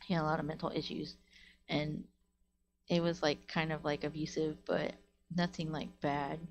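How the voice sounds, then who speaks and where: A woman's voice: deep voice, flat delivery, normal speed. A woman streamer casually telling stories to her live chat, rambling and full of fillers like "like", recorded on a webcam or desk mic at home. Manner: rambling, filler-heavy with frequent "like".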